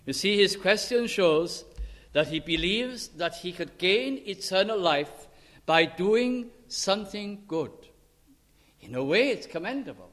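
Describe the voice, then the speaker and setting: An earnest man preaching with emphatic phrasing and long pauses. His voice sits fairly high for a man. The sound rings out with a long hall reverb. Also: expressive, fairly bright tone. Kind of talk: sermon.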